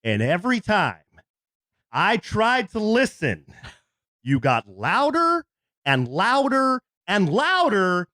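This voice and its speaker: A man's voice: high-pitched, huge pitch swings, takes it slowly, pushed and bright, no room sound, studio quality. A man, co-hosting a podcast and telling a jokey story in a casual chat. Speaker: podcast co-host. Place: in a car.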